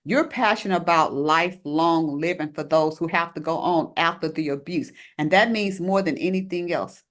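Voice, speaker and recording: A woman hosting a ministry interview, full of quiet, affirming responses. When she speaks at length, she sums up what the guest has said in a warm, encouraging way. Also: fairly low pitch, normal speed. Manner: affirming, frequent quiet back-channel responses. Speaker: ministry host. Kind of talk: interview host.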